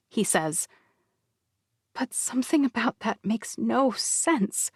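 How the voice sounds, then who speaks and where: A woman's voice: a little high, slow, long pauses, slightly rough, dry recording, studio quality. Woman narrating an audiobook. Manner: expressive storytelling. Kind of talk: scripted first-person narration. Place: recording booth. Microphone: studio microphone.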